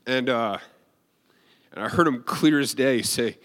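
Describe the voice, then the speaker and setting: Speaking a little slowly in a mid-range voice, a man preaches a sermon built around a personal story. He stays conversational and animated, with many restarts.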